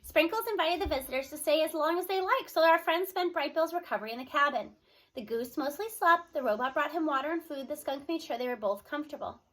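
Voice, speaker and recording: High-voiced woman reading a children's book. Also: quick pace. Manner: expressive storytelling. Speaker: reader. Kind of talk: children's book read-aloud.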